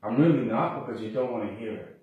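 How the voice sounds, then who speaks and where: A man's voice: mid-range voice, fast talker, narrow, tinny audio. Agitated man, far off in an echoey room. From Canada. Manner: agitated, rambling, many restarts. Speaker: patient. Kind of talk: distressed complaint to a doctor.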